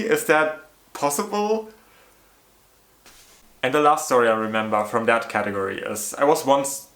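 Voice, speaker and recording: Brief: man, mid-pitched, exasperated casual storyteller, echoey room. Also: a bit bright. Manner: chatty, many "like" fillers, exasperated retelling. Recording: roomy echo.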